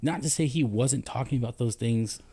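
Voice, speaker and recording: A man from the United States, a former Army leader, talking on a podcast in a halting, reflective way, often searching for words. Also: medium pitch, warm tone, breathy edge. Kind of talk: casual podcast conversation.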